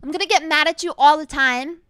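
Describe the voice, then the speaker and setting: A woman's voice: sits high, fairly quick, sharp tone. A woman streaming as an elf florist character, teasing her viewers playfully and repeating words as she talks. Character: elegant female elf florist. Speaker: VTuber streamer. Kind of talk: casual debut stream chat with singing.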